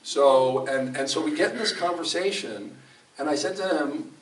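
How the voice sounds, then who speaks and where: Recorded from a distant mic in an echoey fellowship hall with faint room noise, a man preaches at normal speed in a voice on the high side. His sermon is conversational and story-driven, delivered emphatically with many restarted sentences.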